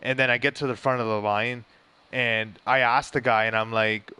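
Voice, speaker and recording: A man in a loose, casual conversation, recounting a run-in with lively retelling. His voice sits at an ordinary middle pitch, and he slips into quick mimicry of the people in his story. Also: clear, resonant tone, dry recording. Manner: animated storyteller, mimics others in quotes.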